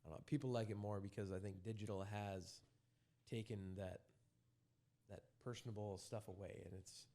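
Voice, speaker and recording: Young man with a lowish voice, earnest marketer type, chatty and loose. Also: steady tone, moderate pace, mellow. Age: young adult. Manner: earnest, trails off and searches for words. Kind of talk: casual chat.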